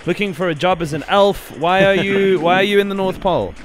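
A man's voice: sits high, fairly quick, music in the background. A man hosting a radio show, bantering in an upbeat, teasing way. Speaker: radio host.

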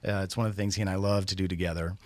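A middle-aged man, a guest speaker, telling a motivational story in an animated way, building suspense with questions to his listeners. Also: low-pitched, racing, no echo.

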